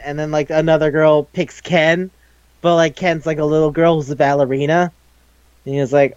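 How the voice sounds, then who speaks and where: A fairly high-voiced man chats casually on a podcast, telling stories in a rambling, excitable way and swearing freely. His voice sounds close and dry on a dull, lo-fi recording. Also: brisk, smooth, no echo. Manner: rambling, profane, animated storytelling. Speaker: podcast co-host. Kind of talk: casual chat.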